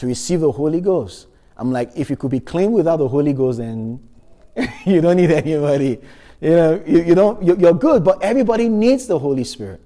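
A man's voice: on the high side, lively intonation, fairly quick, dark tone, in a large hall. A man preaching a sermon, reading Bible verses and asking the congregation questions with emphasis.

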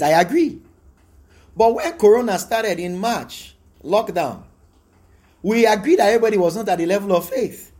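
A man's voice: high-pitched, moderate pace, long pauses, darkish tone. A man preaching a sermon as pastor, emphatic and repetitive, his voice rising into exclamations.

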